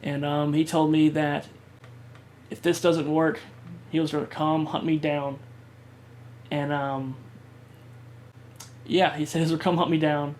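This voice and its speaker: A man vlogger telling a personal story in a halting way, with many fillers and restarts. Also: fairly high pitch, little pitch movement, a little mellow, a little hiss or hum.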